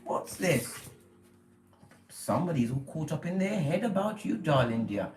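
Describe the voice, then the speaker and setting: This is a tarot reader, spiritual and preachy, who keeps asking and answering their own questions and calls the listener pet names. The pitch rises and falls freely, with a lively, swinging delivery. The voice carries the echo of a hard-walled room. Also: measured pace, soft background music. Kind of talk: spiritual tarot reading monologue.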